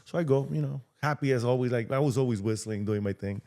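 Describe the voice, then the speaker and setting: A man raised in Mexico talks through his past in a podcast conversation. His voice sits at an ordinary middle pitch, and he brings the people in his stories to life by acting out what they said. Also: quick pace. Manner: animated, acts out quoted dialogue. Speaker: podcast guest, real estate agent. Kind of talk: storytelling interview talk.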